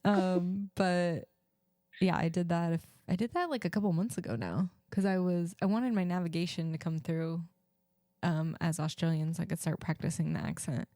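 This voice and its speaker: A woman's voice: fairly low pitch, normal speed, dark tone, dry recording, studio quality. A young adult woman co-hosting a podcast, chatting casually with friends, laughing often and using lots of "like" fillers. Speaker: podcast co-host. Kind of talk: casual chat among friends.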